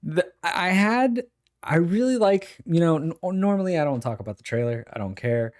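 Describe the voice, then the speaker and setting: A man's voice: fairly high pitch, expressive, normal speed, a little mellow. A man co-hosting a podcast in casual chat, teasing his partner with playful banter. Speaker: podcast co-host.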